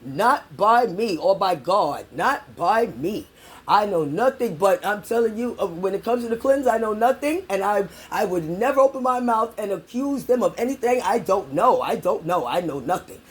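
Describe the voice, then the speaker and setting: A woman's voice: mid-range voice, lively intonation, normal speed, breathy edge. A middle-aged woman from New York delivering an angry, profane political rant to her viewers, repeating herself for emphasis. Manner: profane, emphatic, repetitive, addresses viewers as y'all. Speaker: political vlogger.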